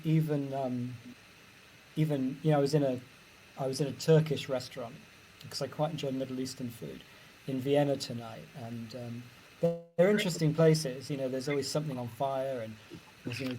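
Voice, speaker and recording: A man's voice: medium pitch, fairly even intonation, normal speed, dark tone, slight background noise, rough recording. A middle-aged British man answering interview questions as an author, musing and enthusiastic about how language sounds, on a video call. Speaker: author guest.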